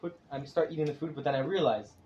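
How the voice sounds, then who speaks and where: A man, a student in a class, asking a question quickly and hesitantly, thinking aloud with restarts. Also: on the high side, darkish tone, muffled recording, slight background noise.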